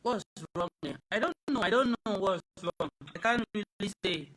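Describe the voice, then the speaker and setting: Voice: medium pitch, lively intonation, normal speed, fairly bright tone, dry recording, low-quality recording. A live streamer, talking casually into an ordinary phone and asking the same puzzled questions over and over.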